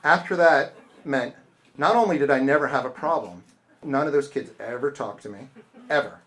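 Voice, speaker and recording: At a bookstore event space, a middle-aged author chats casually with his audience and takes questions, telling stories and impersonating the people he quotes. His voice is medium-pitched and fairly bright, at a normal speed.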